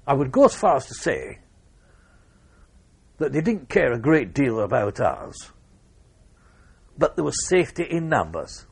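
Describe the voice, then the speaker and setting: An older man, telling an interviewer his wartime memories in a measured way, with pauses and restarts. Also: medium pitch, sing-song, creaky, breathy edge. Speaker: war veteran interviewee. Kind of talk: oral history interview.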